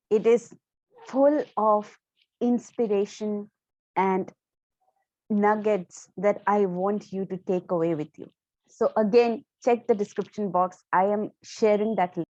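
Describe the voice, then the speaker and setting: A woman teaching public speaking to camera. She stresses key words and uses deliberate pauses. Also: mid-range voice, a little mellow, dry recording, lo-fi sound. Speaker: speaking coach. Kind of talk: instructional talk to camera.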